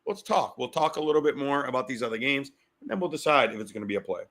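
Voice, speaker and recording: A middle-aged man hosting a sports betting podcast, talking fast and fired up, repeating himself. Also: medium pitch, lively intonation, a bit bright.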